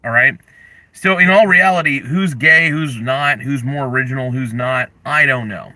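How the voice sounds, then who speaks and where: A young man hosting a casual livestream, ranting in mock anger and chatting with viewers, with sudden loud outbursts. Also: mid-range voice, normal speed, no room sound. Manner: animated, mock-angry rants with sudden yelled bursts. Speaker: livestream host.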